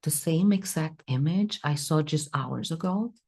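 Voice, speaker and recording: A woman psychic medium telling a personal story in an interview, animated and acting out the dialogue. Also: low-pitched, a little slow, breathy edge. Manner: animated, acts out quoted dialogue. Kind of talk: emotional storytelling.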